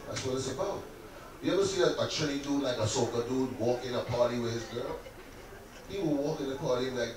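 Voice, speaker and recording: A man doing a stand-up comedy set at an event on a cruise ship, animated and profane, mimicking Caribbean characters. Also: medium pitch, fast. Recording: distant live mic with loud crowd noise and echo. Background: laughing audience.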